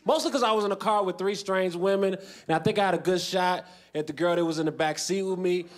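A man in his late twenties performs stand-up into a handheld mic on a big festival stage. His voice sits fairly high for a man, and his delivery is dry and deadpan, with sudden jumps into loud shouting. The pace is unhurried. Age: 20s. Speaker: stand-up comedian. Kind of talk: stand-up comedy set. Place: large festival stage with a laughing audience.

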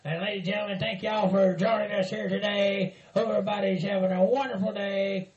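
A man's voice: high voice, flat delivery, a little fast, lo-fi sound, a loud crowd. A man hosting a casual podcast in a folksy hillbilly persona, rambling and teasing. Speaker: podcast host. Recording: roomy echo with faint music.

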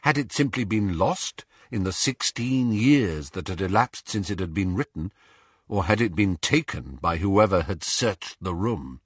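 A man narrating an audiobook in a husky, slightly breathy voice that moves widely up and down. He reads expressively, stretching some phrases and rushing others. The sound is dry and close. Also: low voice, dry recording. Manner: expressive storytelling, shifting pace for tension. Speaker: audiobook reader.

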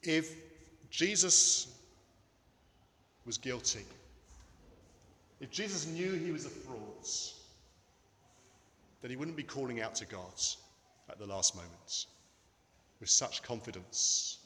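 A man preaching a sermon in a church, earnest and emphatic, with dramatic pauses. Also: mid-range voice, expressive, sharp tone. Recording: echoey hall with long reverb.

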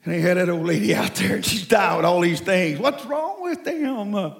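Gravelly old preacher man from Mexico. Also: high-pitched, normal speed. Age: 70s. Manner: folksy, animated storytelling with bursts of shouting. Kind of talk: sermon.

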